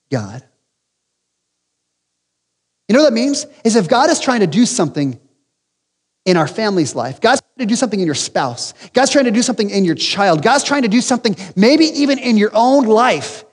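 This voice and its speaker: A pastor with a high-sitting male voice preaches in a large hall, delivering emphatically and rising to loud peaks. He poses rhetorical questions and throws in humorous asides.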